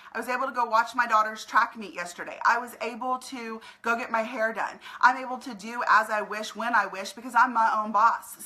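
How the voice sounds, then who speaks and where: A woman's voice: a little high, sharp tone, low-quality recording. A woman speaking straight to her camera, giving an earnest, emotional motivational pep talk while recruiting people to her team. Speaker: network marketing recruiter. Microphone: camera in front of her.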